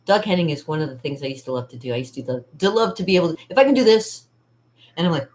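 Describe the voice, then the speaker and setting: A woman hosting her own channel chats casually and rambles from one thought to the next. She laughs often and acts out what other people said. Her voice sits a little low. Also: expressive, quick pace, a little mellow. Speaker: channel host. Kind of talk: casual vlog chat.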